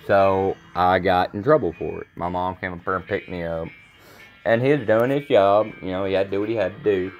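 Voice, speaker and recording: A man's voice: sits low, fairly even intonation, a little fast, muffled recording, faint music behind. A man in his thirties, a vlogger talking to camera in a blunt, rambling way, repeating himself. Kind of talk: casual rambling monologue to camera.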